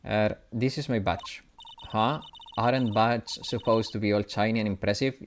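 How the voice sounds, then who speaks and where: A man's voice: lowish voice, steady tone, moderate pace, faint music behind, close to an everyday voice. A man voicing a flustered young male defense lawyer while reading the game lines aloud.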